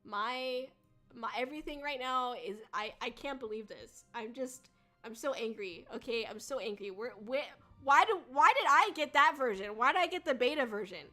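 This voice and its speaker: A woman's voice: high voice, lively intonation, normal speed, sharp tone, faint music behind. A woman streaming as a VTuber, chatting casually in a rambling way, swearing and laughing often. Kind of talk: casual livestream chat.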